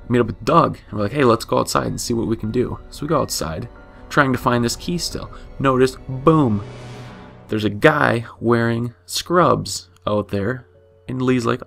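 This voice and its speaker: Host type: offhand, swearing man with a fry-edged voice, comic recap delivery. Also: medium pitch, fairly bright tone. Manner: flippant, profane, rambling with self-corrections. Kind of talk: casual comedic recap.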